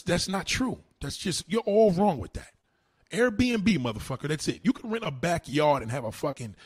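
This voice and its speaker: A man's voice: high-pitched, slightly rough, no echo. A man, ranting in a combative way at a livestream's comments, with heavy cursing, slang and repeated retorts. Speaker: livestream host answering comments.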